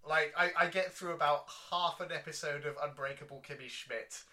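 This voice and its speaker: Young man, podcast co-host, very bright tone, slightly high pitch, lively and swearing. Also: a little fast. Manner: animated, swears freely, laughs often. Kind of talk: casual chat.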